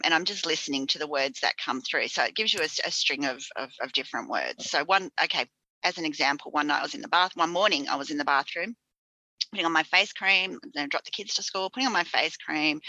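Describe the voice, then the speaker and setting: A woman's voice: sits low, bright, forceful tone, dry recording. A woman hosting a casual conversation, telling her own ghost stories in a chatty, laughing way. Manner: chatty, laughing, matter-of-fact storyteller. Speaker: podcast host. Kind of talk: casual chat.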